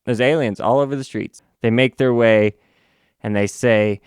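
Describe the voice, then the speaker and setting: A man reviewing a comic book in a casual recap, halting and restarting, with sarcastic asides. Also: medium pitch, clean tone, no room sound, studio quality.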